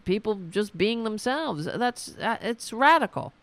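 A woman hosting a political podcast, delivering an indignant, scolding rant while her voice is going hoarse. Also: on the high side, animated, unhurried. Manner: indignant, scolding, swears, talks to her dog aside. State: losing her voice. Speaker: podcast host. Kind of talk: ranting political commentary.

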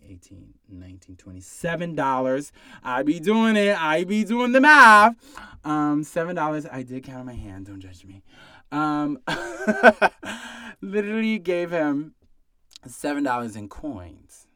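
A man's voice: medium pitch, dry recording, studio quality. A young man casually telling a story about his bartending job, acting out other people's lines. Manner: animated storytelling, acts out other people's quotes.

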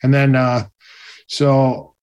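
A man telling stories in a casual interview, animated and acting out the other people's voices. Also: medium pitch, extremely slow, smooth, lo-fi sound. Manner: animated, acts out quoted voices. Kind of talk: casual storytelling.

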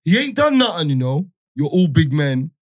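A man's voice: a little high, normal speed. A young man, telling stories in slang-heavy casual banter on a podcast. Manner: animated storytelling, slang-heavy.

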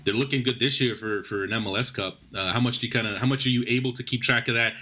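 Quick bright-voiced guy hosting a soccer talk show, rambly, keeps restarting his sentences. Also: mid-range voice, fairly even intonation. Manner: rambling, repeats words as he restarts. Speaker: sports show host. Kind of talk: sports talk show interview.

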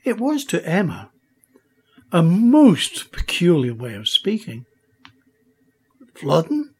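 Brief: husky, slow-paced male narrator for a children's audiobook, lively pitch. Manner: expressive, unhurried. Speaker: audiobook reader. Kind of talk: storybook narration.

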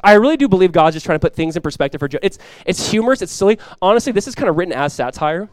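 A man's voice: high-pitched, animated, racing, hardly any pauses, no room sound. A young man preaching a sermon as pastor, conversational and self-deprecating, rising to emphatic peaks. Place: church.

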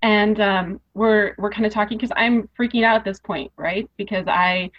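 On a podcast recorded in dull lo-fi audio, a woman guest tells her own story in a steady, mid-range voice at a moderate pace. She speaks with earnest emotion that keeps building, repeating phrases to drive her points home.

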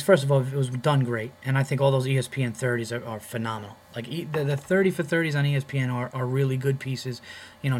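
A male podcast host rants in a heated, profane flow and trips over repeated words when he gets worked up. His voice sits in a mid range, neither high nor deep. A faint hum runs underneath. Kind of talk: comedic podcast rant.

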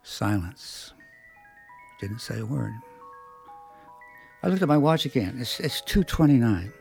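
A man telling an anecdote in a measured, hesitant way with frequent fillers. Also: mid-range voice, sing-song, vocal fry, a little mellow, faint music behind. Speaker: storyteller recounting a counseling encounter. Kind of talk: anecdotal storytelling.

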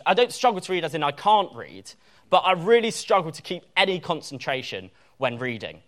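A young man preaching a sermon, animated and joking about himself, leaning hard on key words. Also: on the high side. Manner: animated, self-deprecating humour, stresses key words.

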